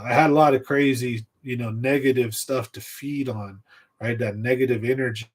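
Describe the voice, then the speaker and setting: Streaming casually from a home setup, a fishing channel host tells a long, meandering story about his younger days. His voice sits in the middle range, and he grows animated, speeds up, and laughs at his own tale.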